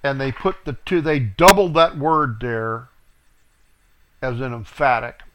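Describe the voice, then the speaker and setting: A man teaching scripture verse by verse, reading each verse aloud with stress and then explaining it in a deliberate way with fillers. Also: medium pitch, lively intonation, background noise. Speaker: Bible teacher.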